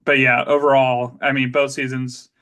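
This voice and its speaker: Bright-voiced man, rambling sports chat. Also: mid-range voice, flat delivery, normal speed. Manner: chatty, rambling with restarts. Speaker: podcast co-host.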